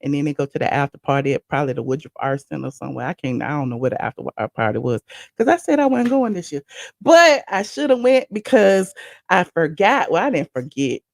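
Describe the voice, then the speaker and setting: A woman from Atlanta, hosting a casual live stream with animated, rambling asides. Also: very deep voice, rapid-fire, creaky, no echo, studio quality. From Atlanta, USA. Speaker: host.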